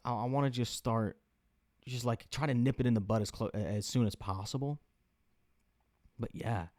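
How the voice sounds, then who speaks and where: A man's voice: medium pitch, a little mellow, no echo. A young man talks on his own show in a loose, meandering way, swearing freely and leaning on fillers. His voice sits in an ordinary middle range. The recording is close and dry, with no room sound. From US Midwest. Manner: rambling, profane, lots of fillers. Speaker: podcast host. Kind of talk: casual solo chat.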